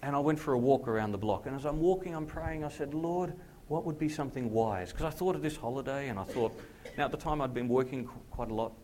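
A man preaches a personal testimony with a medium-pitched voice. He tells the story with great animation, leaping up in pitch to act out the dialogue. He then drops to a slow, soft delivery when he makes his points. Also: a little hiss or hum. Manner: animated storyteller who acts out dialogue with big pitch jumps. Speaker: pastor.

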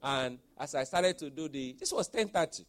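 A man in his forties preaches in an animated way, his voice sitting somewhat high for a man. He drops into quiet storytelling, then rises into loud exhortation. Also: normal speed. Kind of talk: sermon with personal storytelling.

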